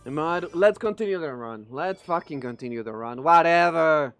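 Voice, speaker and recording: A high-voiced male streamer with a native Spanish speaker's English swings his pitch all over as he plays. He curses freely, pleads with the game and yells at it, with faint music playing underneath. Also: moderate pace, clear, resonant tone. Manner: profane, excitable, pleading with and yelling at the game. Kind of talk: live gameplay commentary.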